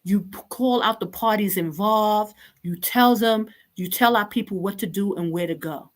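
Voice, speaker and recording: A woman's voice: mid-range voice, moderate pace. A woman hosting an online talk show, scolding her listeners in an impassioned, exasperated and repetitive way.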